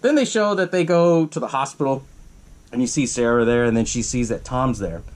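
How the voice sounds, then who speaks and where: A man's voice: mid-range voice, brisk. A man hosting a podcast, casually recapping a horror movie plot in a rambling, profane way, full of "you know" and little chuckles. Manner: chuckles while telling it. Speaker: podcast host.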